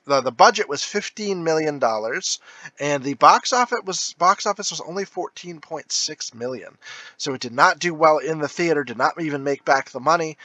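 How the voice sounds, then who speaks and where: A man's voice: a little high, sharp tone, no echo. A man co-hosting a casual movie review podcast, rambling with lots of fillers and frequent laughter. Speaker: podcast co-host.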